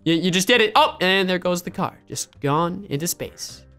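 A man giving excitable, laugh-filled commentary over an online game as a gaming YouTuber. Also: sits high, normal speed, faint music behind. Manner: excitable, laughs often, trailing restarts.

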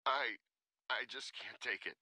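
A man voicing a despairing cartoon man who speaks in a halting, hushed way. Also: medium pitch, slight background noise. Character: despairing adult man on the edge.

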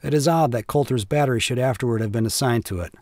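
A man's voice: medium pitch, fast talker, darkish tone, no echo, lightly acted. A man voicing a gossiping army staff officer who speaks in a hesitant, confiding way. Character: gossiping middle-aged male staff officer.

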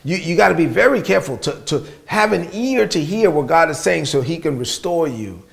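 A man delivering a sermon in an earnest, emphatic way. His voice sits on the higher side and he repeats his phrases to drive them home. He swings between building intensity and hushed, soft passages. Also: lively intonation, fairly quick, vocal fry. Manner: dramatic storytelling, rising intensity then hushed. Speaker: preacher.

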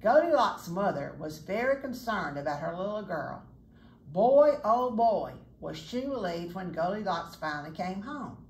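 A woman's voice: fairly low pitch, expressive, moderate pace, hardly any pauses. A woman reading a children's picture book aloud as a chatty storyteller, pointing out the pictures as she goes. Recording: echoey room, faint noise.

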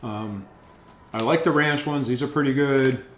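On his laid-back food review channel, a man speaks unhurriedly in a mid-range, fairly bright voice. He rambles, repeating words and saying um a lot. Faint noise and echo fill the room.

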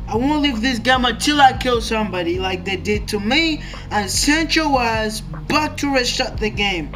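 A young man commentating his own gameplay, excitable and jumpy, swearing often. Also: very high-pitched, moderate pace, soft background music. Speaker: gaming YouTuber.

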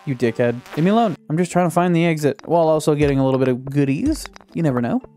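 Excitable young man narrating his gameplay. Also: fairly high pitch, fast talker. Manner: excitable, talks to himself and the game, yelps at surprises. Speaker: gaming YouTuber. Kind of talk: casual let's-play commentary.

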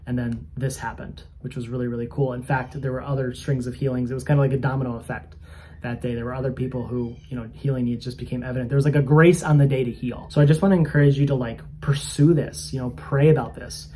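The host of a spiritual coaching channel offers his faith testimony with a mid-range, mellow voice, fairly even intonation and a quick pace. Slight background noise is audible, and his tone is earnest, conversational and a little self-conscious.

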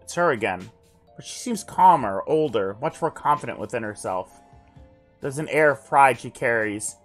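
A man streaming himself reading a text adventure aloud, his voice pitched at an ordinary middle height. He slips from narration into joking side comments, with faint music playing behind him. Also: animated, moderate pace. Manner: joking asides between narration.

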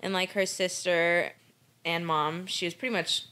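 An American woman co-hosts a true-crime podcast in a loose, joking chat, swearing freely and laughing often as she recaps the case in an easygoing, conversational way. Her voice is on the low side and sharp yet clean, with fairly even intonation and a measured pace.

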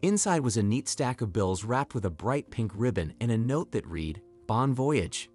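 A man giving scripted story narration in an even, clear delivery. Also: fairly low pitch, normal speed, faint music behind.

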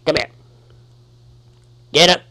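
A man giving let's-play commentary on his gameplay, talking to the enemies on screen and quickly getting annoyed. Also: sharp tone. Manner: talks to the enemies on screen, easily annoyed, exclaims.

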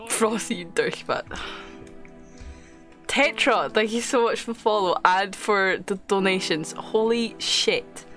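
A woman's voice: mid-range voice, measured pace, fairly bright tone, soft background music. A young woman streaming a game live, chatting casually, swearing often and laughing as she thanks viewers.

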